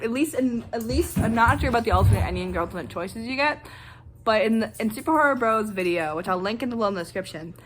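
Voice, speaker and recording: A young woman vlogger ranting casually and excitedly, rambling with lots of fillers. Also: on the high side. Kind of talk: casual reaction rant.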